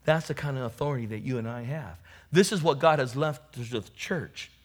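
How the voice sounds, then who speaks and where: A man preaching a sermon, swelling into loud emphatic peaks and then dropping low, calling out to his congregation for responses. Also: lively intonation, brisk.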